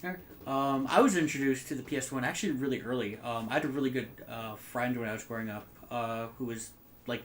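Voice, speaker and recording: The clip has a slight hiss or hum behind a man speaking at medium pitch. He's a podcast co-host in his twenties, rambling through animated stories in casual chat, dropping fillers and swear words constantly.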